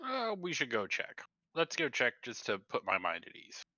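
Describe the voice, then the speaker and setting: A man's voice: mid-range voice, wildly swooping pitch, moderate pace, pushed and bright, no echo, dull audio. A man chatting casually as a player in a tabletop game, upbeat and chatty.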